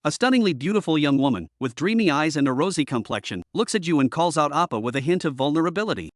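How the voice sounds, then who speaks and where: A man reading a scripted story recap in an even, steady way. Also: a little high, quick pace, dry recording, clean studio sound. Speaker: narrator.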